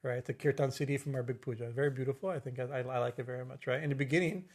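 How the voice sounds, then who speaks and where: A man giving a religious discourse as a swami, halting with fillers and restarts and slowly chanting Sanskrit verses. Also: mid-range voice, fairly even intonation. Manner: halting, many fillers and restarts, tag questions. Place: temple.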